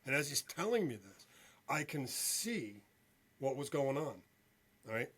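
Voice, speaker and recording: A male veteran and podcast guest telling a story in an animated way, often checking in with "okay?". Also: mid-range voice, measured pace, husky. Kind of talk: storytelling interview.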